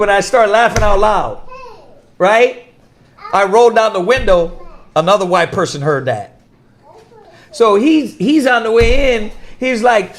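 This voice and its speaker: A man preaching in a casual, animated storytelling manner, often laughing and dropping to a soft voice when quoting people. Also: high voice, normal speed. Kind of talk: casual religious teaching.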